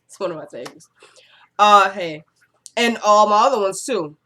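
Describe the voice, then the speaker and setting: A woman casually recapping a TV episode for her channel, chatty and digressive, getting animated when she gives her opinions. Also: mid-range voice, measured pace. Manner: chatty and digressive, often says "you know what I'm saying".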